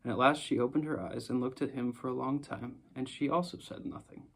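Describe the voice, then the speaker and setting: A man narrating a storybook chapter in a calm, measured reading. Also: medium pitch, gravelly. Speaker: audiobook narrator.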